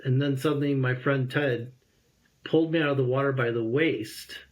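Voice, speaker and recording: A man in his fifties, appearing as an interview guest, tells a personal story with liveliness, acting out the voices he remembers. He speaks in a mid-range voice at normal speed.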